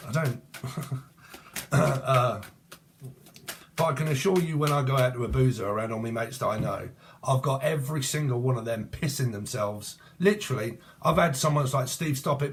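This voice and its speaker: A man's voice: medium pitch, slight background noise. A middle-aged British man giving a casual tarot reading, with rambling, crude talk and laughing asides. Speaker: tarot reader.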